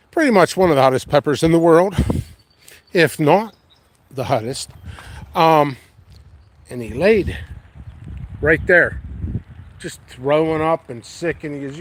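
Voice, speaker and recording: A man hosting a casual walking vlog in his windy backyard, rambling easily and thinking aloud. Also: fairly high pitch. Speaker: pepper grower and channel host. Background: light wind and outdoor noise.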